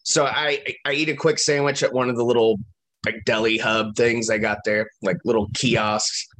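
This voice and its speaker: A man's voice: fairly low pitch, normal speed. A man co-hosting a podcast, telling a long travel story in casual, profane chat. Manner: profane, animated anecdote-telling. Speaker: podcast co-host.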